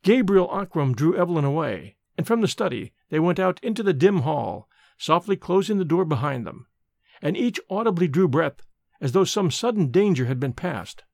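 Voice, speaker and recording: A man's voice: on the high side, very animated, moderate pace, creaky, a little mellow, no room sound, clean studio sound. A man narrating a gothic ghost story aloud, reading expressively and dramatically.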